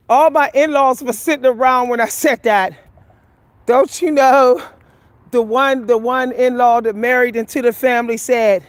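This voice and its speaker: A woman's voice: a little high, steady tone, unhurried, pauses often, no room sound. A woman talking casually and emphatically to her viewers on a walking vlog, laughing often as she gives advice. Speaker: vlogger giving life advice. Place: outdoors on a walk.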